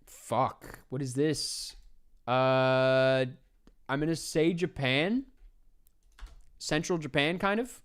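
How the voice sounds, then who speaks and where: A man hosting, thinking aloud and swearing softly as he plays a geography guessing game, into a close desk mic. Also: fairly high pitch, animated, slow. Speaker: podcast host playing a geography guessing game. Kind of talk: casual gameplay commentary.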